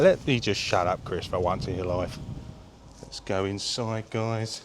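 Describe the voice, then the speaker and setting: A man vlogging a casual walking tour of an open-air museum, chatty and excitable, talking straight to his viewers. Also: deep voice, a little slow, a little hiss or hum. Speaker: travel vlogger. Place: visiting an open-air museum, indoors and outdoors.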